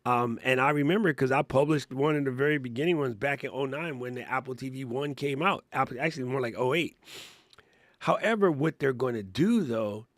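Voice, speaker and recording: Gravelly-voiced man in casual podcast talk. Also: medium pitch, a little fast, dry recording. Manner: animated, laughing, explains step by step. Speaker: podcast co-host. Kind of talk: casual tech and creator chat.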